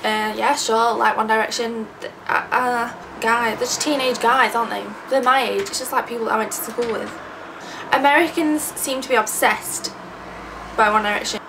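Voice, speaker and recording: Chatty young English woman, gravelly voice. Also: on the high side, fairly even intonation, normal speed. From England. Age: 20s. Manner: chatty, sarcastic, self-deprecating. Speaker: YouTuber. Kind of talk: casual vlog Q&A. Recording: distant mic with background noise.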